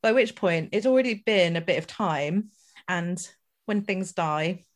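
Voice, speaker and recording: A woman's voice: fairly low pitch, measured pace. A woman hosting a podcast, telling a rambling anecdote in casual chat with fillers and asides. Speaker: podcast host.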